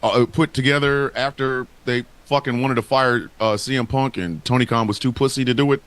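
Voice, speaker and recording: A man's voice: mid-range voice, steady tone, brisk, fairly bright tone, smooth. A man co-hosting a casual wrestling talk show, speaking in a heated, profane and emphatic way. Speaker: podcast co-host.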